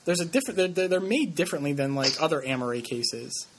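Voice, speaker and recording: A man's voice: fairly high pitch, animated, background noise. A man co-hosting a casual gaming podcast, jokey and sarcastic, reading out listener comments between riffs. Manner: jokey, sarcastic, quick to laugh. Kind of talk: casual chat about video games.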